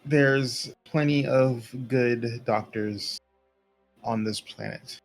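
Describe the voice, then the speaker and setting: A man voicing a blunt, stubborn young Jedi apprentice in a slow, measured way. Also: mid-range voice, soft background music, rough recording.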